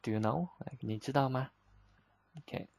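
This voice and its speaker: A man's voice: mid-range voice, moderate pace, gravelly, darkish tone. A man teaching vocabulary, explaining patiently step by step in plain, slightly broken English with simple examples. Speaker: Chinese teacher.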